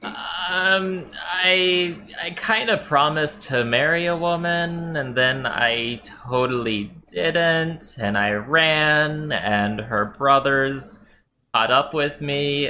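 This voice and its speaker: A man voicing a frightened young man buried up to his head, speaking with a weak voice in halting, hesitant bursts. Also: mid-range voice, pushed and bright, a little hiss or hum, voice pushed up. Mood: pleading.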